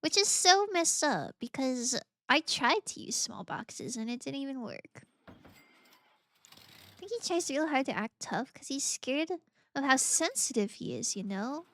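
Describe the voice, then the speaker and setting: Bubbly high-voiced woman streamer. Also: very animated, unhurried, fairly bright tone, dry recording. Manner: bubbly, gushing, laughs often. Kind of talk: casual gaming stream chat.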